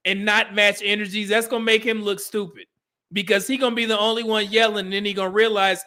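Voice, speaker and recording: A man with a high, bright voice hosts a reaction stream. He talks in loud, slangy bursts and laughs often while handing out advice. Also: little pitch movement, fast. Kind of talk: casual commentary.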